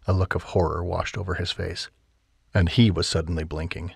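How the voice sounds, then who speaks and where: A man narrating a romance audiobook in a calm, measured and soft manner, on a close studio mic. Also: low-pitched, vocal fry, breathy edge, no room sound. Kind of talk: scripted narration.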